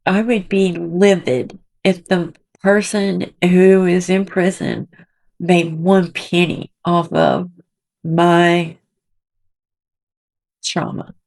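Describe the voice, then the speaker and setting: Slow, gravelly-voiced woman vlogging indignantly. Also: fairly low pitch, expressive, darkish tone. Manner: indignant, emotional, rambling. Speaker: commentary channel host. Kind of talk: emotional vlog commentary. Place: small cramped room at home.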